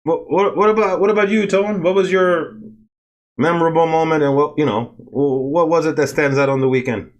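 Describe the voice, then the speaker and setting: A man's voice: fairly high pitch, steady tone, brisk, dull audio. A man hosting a casual podcast chat who rambles and repeats words as he searches for them.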